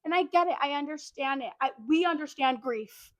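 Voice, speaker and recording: Chatty high-voiced young woman. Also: fairly quick, dry recording. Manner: animated, chatty, lots of "like". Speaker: podcast co-host. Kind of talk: casual storytelling chat.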